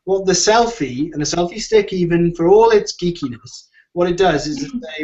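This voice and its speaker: A man's voice: high voice, normal speed, a little mellow. A man answering questions in an online discussion, talking in a rambling way with many restarts and fillers. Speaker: guest expert on design. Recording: muffled lo-fi audio.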